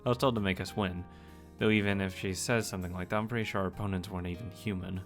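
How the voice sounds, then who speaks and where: A man's voice: low voice, fairly even intonation, fast talker, faint music behind. A man reading a visual novel aloud for a let's play, breaking in with playful joking asides. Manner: playful, joking commentary between read lines.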